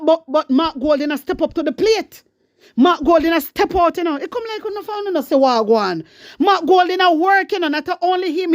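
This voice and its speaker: A woman's voice: high-pitched, no room sound, clean studio sound. A woman from Jamaica with a Jamaican Patois accent, giving fervent, preachy political commentary straight to her followers. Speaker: online commentator. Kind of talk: impassioned political commentary vlog.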